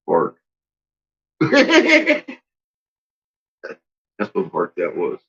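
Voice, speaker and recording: A man's voice: on the low side, wildly swooping pitch, very slow, long pauses, a bit bright, lo-fi sound. A man at home talking to his pets in a playful, teasing way, baby-talking the dog and swearing casually. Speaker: pet owner.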